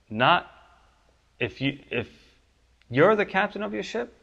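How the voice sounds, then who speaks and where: A pastor preaching a sermon, his voice climbing high and loud for the pleas and dropping low and soft on the promises. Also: gravelly, highs cut off.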